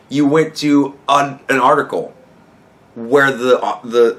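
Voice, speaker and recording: A young man hosting a podcast, ranting heatedly with constant swearing and rising to shouts. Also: mid-range voice. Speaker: podcast host. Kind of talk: profane rant commentary.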